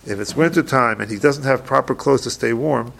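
A man teaching a halacha class, reading each Hebrew passage slowly and then explaining it in quick plain English. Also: mid-range voice, vocal fry, fairly bright tone. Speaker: Torah teacher.

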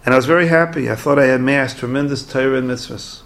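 A man doing an earnest young scholar who pours out his remorse. His gravelly voice stays at a middle pitch and breaks into anguish in places. It is an everyday storytelling voice, lifted a little. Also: fast talker, a bit bright. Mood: remorseful. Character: pious young male Torah scholar, earnest.

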